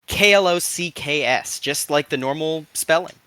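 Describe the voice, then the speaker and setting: A man's voice: on the high side, normal speed, pushed and bright, smooth, dry recording. A man playing a tabletop role-playing game, narrating his character's actions and lines with a casual, swearing, laughing manner. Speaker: player.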